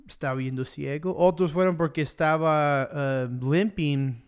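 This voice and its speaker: A man's voice: fairly high pitch, normal speed, clean tone. Bilingual young man preaching casually. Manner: switches between English and Spanish mid-sentence; chatty, joking, loose with fillers.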